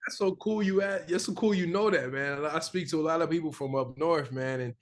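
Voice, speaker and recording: A young man from the American South, an actor chatting casually in an interview, animated and full of repeated fillers. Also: fairly high pitch, brisk. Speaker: actor guest.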